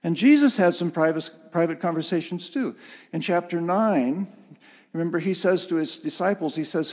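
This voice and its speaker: A man preaching a sermon in an earnest, gently emphatic way, heard in a church sanctuary. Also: a little high, animated, a little fast, long reverb tail. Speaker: pastor.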